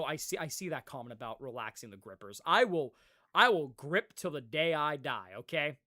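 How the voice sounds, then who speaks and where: A young man talking to his live stream audience in loose, casual chat. His pitch jumps all over the place as he gets animated, and he laughs and swears freely as he rambles on. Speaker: livestreamer.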